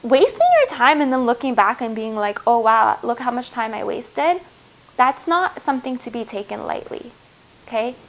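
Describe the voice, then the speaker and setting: A woman's voice: a little high, expressive, normal speed, poor audio. A woman giving a heartfelt spiritual tarot reading, earnest and reassuring, speaking to viewers as her loves. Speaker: tarot reader.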